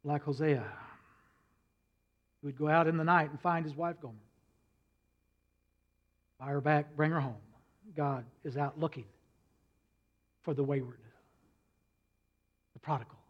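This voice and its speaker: Pastor, male, high voice, rising and falling sermon delivery, muffled lo-fi recording. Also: fairly even intonation, unhurried, pauses often. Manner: preaching with swings from quiet to loud, frequent "uh" fillers.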